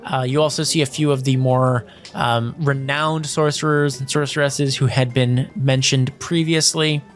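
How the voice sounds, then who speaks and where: A man's voice: mid-range voice, steady tone, moderate pace, soft background music. A man narrating scenes as game master of a tabletop role-playing game, describing at length with many fillers.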